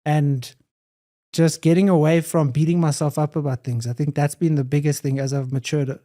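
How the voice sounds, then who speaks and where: Earnest man, soft warm tone. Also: fairly high pitch, flat delivery, normal speed. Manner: reflective, earnest, repeats phrases. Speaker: podcast guest, hybrid athlete. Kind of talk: casual conversation.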